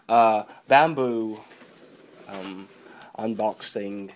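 A young man casually unboxing a drawing tablet on camera, joking around, swearing and filling pauses with ums. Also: medium pitch, a little hiss or hum. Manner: playful, swears, mock-panics, trails off with fillers.

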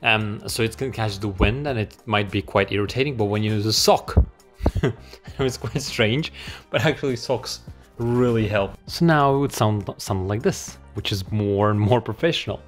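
A man whose first language is Russian, talking through a walkthrough in a casual, playful, self-mocking way. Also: mid-range voice. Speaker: vlogger. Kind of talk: casual screen-recording walkthrough.

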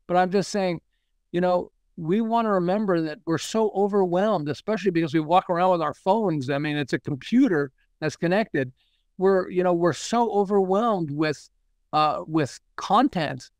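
A man, a marketing expert guest on a podcast, telling animated stories and acting out quoted dialogue with frequent laughs. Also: a little high, smooth, no room sound, clean studio sound. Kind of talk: podcast interview storytelling.

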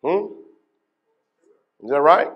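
A man preaching a sermon as pastor, putting questions to his congregation and moving between hushed asides and loud, emphatic bursts. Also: on the high side, expressive, slow, dull audio. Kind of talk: deliverance workshop sermon.

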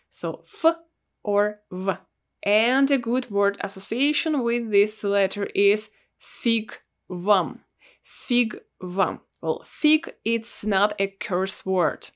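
A woman with a Russian accent teaching a language lesson, repeating words slowly and carefully for learners. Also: medium pitch.

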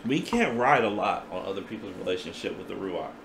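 A man preaching a sermon in a playful, animated way, acting out voices as he teaches. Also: low-pitched, a little fast, creaky, reverberant, slight background noise.

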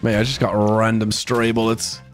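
A man with an Irish accent hosting a casual gaming session with friends, excitable and slangy, laughing often and calling everyone mate. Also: fairly low pitch, moderate pace, soft background music. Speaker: gaming video host.

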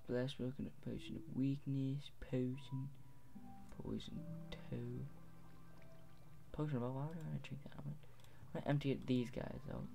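A man's voice: mid-range voice, flat delivery, moderate pace, vocal fry, pauses often, mellow, soft background music. A teenage boy giving gameplay commentary, rambling, muttering to himself and correcting his words. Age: teens. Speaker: gaming video host.

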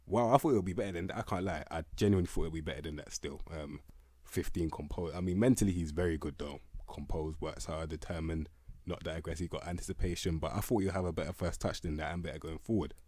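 Talking quickly in a low, warm voice without any echo, a young game content creator rates players for a video in a casual, blunt way. He's slangy and laughing, repeating "bruv" and "can't lie" throughout.

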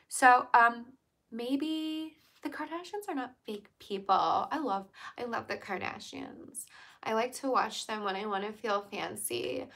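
A woman's voice: mid-range voice, bright, forceful tone. A young woman from Virginia, chatting casually on a livestream, laughing often and answering viewer comments. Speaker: livestream host.

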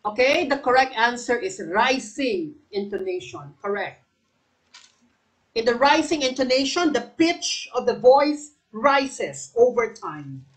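Speaking unhurriedly with big swings in pitch, this fairly high-voiced Filipino woman leads a live exam review over poor audio. Each question gets repeated, viewers are called on by name, and she slips back and forth between English and Tagalog.

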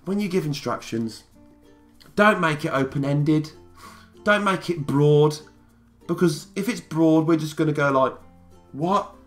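A man's voice: fairly high pitch, unhurried, long pauses, soft background music. A man talking straight to camera in a casual vlog, emphatic and repeating phrases to drive his point home. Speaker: YouTuber.

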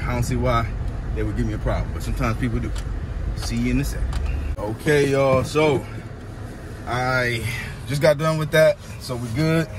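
A man telling a story to camera in a casual vlog, animated and exasperated, full of slang. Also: mid-range voice, background noise. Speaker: used car dealer vlogger.

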